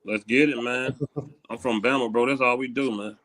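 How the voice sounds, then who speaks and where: A man's voice: medium pitch, fairly even intonation, moderate pace, fairly bright tone. A man from St. Louis in casual chat, talking in a laid-back, folksy way.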